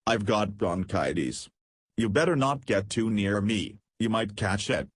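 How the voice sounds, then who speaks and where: Read by a man, a polite tiny mouse boy speaks in an earnest, friendly way. The voice is low and a bit husky, recorded dry and close. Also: a little slow, no room sound. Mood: kindly. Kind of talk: audiobook character voice.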